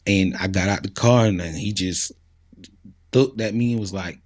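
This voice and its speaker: A man speaks in an interview, casual and earnest, often pausing on fillers. His voice sits low. The sound is dry and close. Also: creaky, dry recording. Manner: earnest, conversational, many fillers. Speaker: interview guest.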